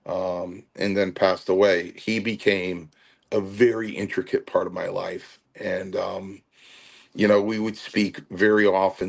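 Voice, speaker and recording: An older former wrestler shares stories as a podcast guest. His voice sits low, and his sentences stop and restart often, with many fillers in between. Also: vocal fry. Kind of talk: podcast interview storytelling.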